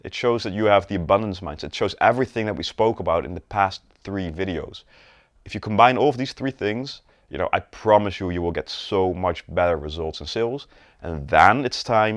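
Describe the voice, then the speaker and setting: Heard in a dry, clean studio recording, this sales coach has a low voice. He runs a conversational video lesson, checking in with the viewer often and demonstrating postures and gestures as he goes.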